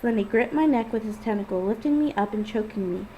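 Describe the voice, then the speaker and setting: A woman's voice: on the high side, quick pace, warm tone, slight background noise, low-quality recording. A woman casually reading her own first-person story aloud. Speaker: fan fiction author and reader.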